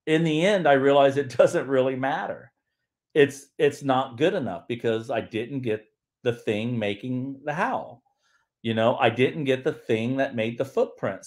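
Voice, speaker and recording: A man talking casually to his livestream audience in a voice of ordinary, middle pitch. He rambles, restarts his sentences and fills the gaps with "um" and "you know". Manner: rambling, frequent restarts and fillers. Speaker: livestream host.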